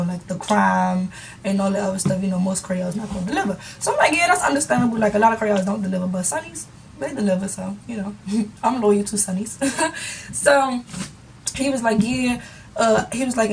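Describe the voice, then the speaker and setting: A young woman YouTuber telling a storytime vlog, retelling a conversation in an animated way and often breaking into laughter. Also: mid-range voice, gravelly, far from the mic, slight background noise, poor audio.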